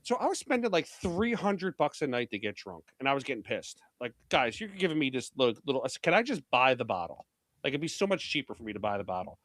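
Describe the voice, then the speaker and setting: A man's voice: mid-range voice, very animated, quick pace, fairly bright tone, no room sound. A man from Philadelphia telling brash, profane stories in a casual podcast chat. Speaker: pool media executive, guest.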